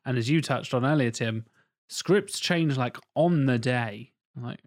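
A man co-hosting a podcast in casual chat. He tells stories with animated energy and swears freely. His voice sits in an ordinary middle pitch. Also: a little slow. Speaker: podcast co-host.

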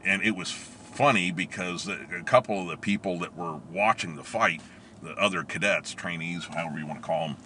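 A middle-aged man telling a story in a casual, animated way, laughing often and acting out what people said. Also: low-pitched, brisk, slight background noise. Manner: animated, laughs often, acts out quoted lines. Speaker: storyteller recalling police academy training.

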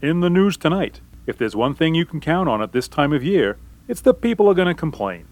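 A man co-anchors a comedy news show with dry, wry humor. His pitch rises and falls widely as he reels off the jokes. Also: very animated, fairly quick. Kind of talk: comedic mock news presenting.

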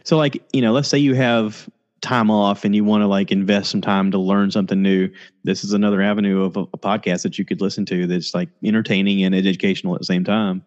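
A man hosts a podcast over a video call, talking quickly and rambling in a casual, animated way, acting out quotes in a high voice. He uses a laptop or USB mic with headphones, and the audio sounds dull.

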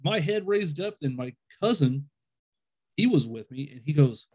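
A man's voice: on the high side, lively intonation, normal speed, darkish tone, breathy edge. A man telling ghost stories in casual conversation, rambling and acting out quoted dialogue, calling himself a skeptic and an overthinker. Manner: self-described skeptic and overthinker.

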